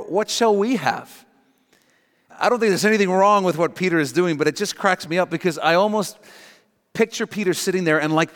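Earnest male pastor in a reverberant hall. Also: fairly high pitch. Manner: earnest, emphatic, repeats key lines. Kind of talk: sermon.

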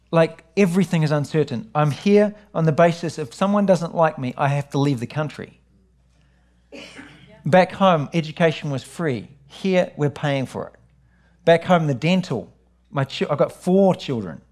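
A middle-aged New man preaching, his voice sitting a little high for a man. He tells his story with lively animation and keeps returning to his message. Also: measured pace. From New Zealand. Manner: animated storytelling, rising high when excited. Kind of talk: sermon with personal testimony.

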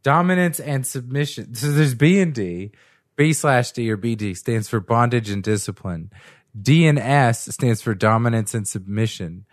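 A middle-aged man chatting casually as a podcast co-host, laughing often. His voice sits in an ordinary middle pitch. The sound is dry and close, with no room echo. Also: moderate pace. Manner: laughing, acts out voices in retellings. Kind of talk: casual chat.

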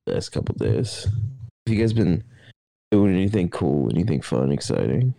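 A man's voice: low-pitched, sing-song, unhurried, creaky, pauses often, dark tone, no room sound. A young man in a casual chat, making crude jokes and drawling his questions. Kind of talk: casual chat among friends.

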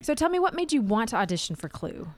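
A woman interviews stage actors in a cheerful, quick-to-laugh way. Her voice swoops widely and sits a little high, in a dry, close recording. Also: sing-song, no room sound. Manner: upbeat, laughs easily. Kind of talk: casual interview.

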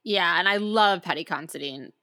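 A woman's voice: on the low side, normal speed, pushed and bright. A woman co-hosting a podcast in casual chat, enthusiastic and talking in long run-on thoughts. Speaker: podcast co-host.

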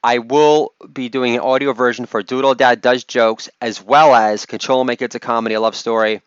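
A man's voice: medium pitch, fairly even intonation, moderate pace, clean tone, no room sound, highs cut off. A man hosting a comedy podcast, delivering mocking, sarcastic jokes and laughing at his own lines. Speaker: podcast host.

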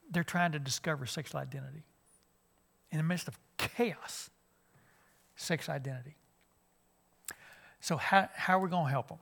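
A man's voice: a little high, normal speed, creaky, long pauses, a bit bright. A middle-aged man, a youth minister giving a conversational church lesson with many fillers and restarts.

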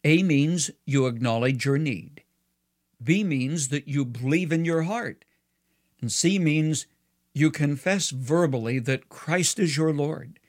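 A man delivering a scripted devotional radio commentary in an earnest, measured and persuasive way. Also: on the high side.

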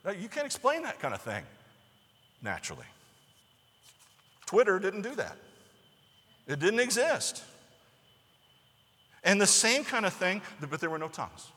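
A man giving a conversational sermon lecture, talking in an animated way to the people listening. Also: sits high, unhurried, long pauses, long reverb tail. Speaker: teacher or preacher.

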